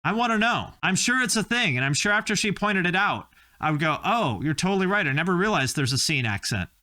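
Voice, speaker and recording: A man with a high, bright voice gives casual reaction commentary. He sounds opinionated and wry and often pokes fun at himself. His talk stays loose and conversational. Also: very animated, brisk. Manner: opinionated, wry, self-mocking. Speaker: host reacting to video clips.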